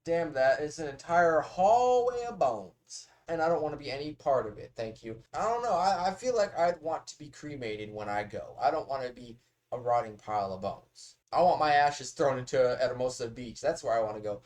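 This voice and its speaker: A man's voice: mid-range voice, lively intonation, normal speed, a little mellow. A man hosting a reaction video, talking casually in a rambling, talkative way and swearing often.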